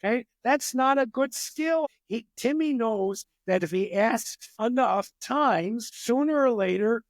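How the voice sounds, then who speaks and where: An older man, a psychologist guest on a podcast, explaining parenting with lively acted-out examples. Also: very high-pitched, measured pace, no echo. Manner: animated storyteller who acts out examples. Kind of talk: podcast interview.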